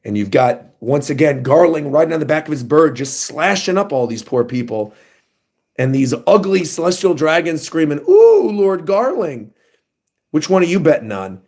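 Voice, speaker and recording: Guy streaming a manga reaction, kinda high voice, excitable, reads panels out loud and riffs on them. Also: normal speed. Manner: excitable, animated, reads lines in funny voices. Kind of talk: casual livestream reaction, reading manga aloud.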